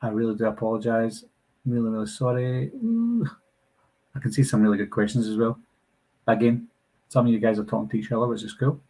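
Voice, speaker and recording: Scottish guy from glasgow doing a live q&a, husky voice, chatty, reads out chat comments. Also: lowish voice, level tone, fast talker, warm tone, low-quality recording. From Scotland. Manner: chatty, reads out viewer comments, apologetic asides. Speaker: channel host answering live chat. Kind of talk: casual live Q&A.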